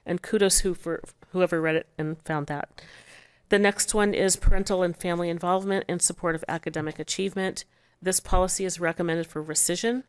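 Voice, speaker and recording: A woman serving as school board vice chair, reading a list of policy revisions quickly with small restarts. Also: fairly low pitch, steady tone, clean tone.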